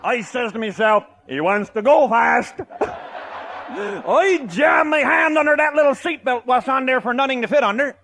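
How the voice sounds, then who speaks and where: An older man telling a comic tall tale, boisterous and loud, often laughing as he talks. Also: very high-pitched, animated, normal speed, a little hiss or hum. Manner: boisterous, often shouting and laughing mid-sentence. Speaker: storyteller.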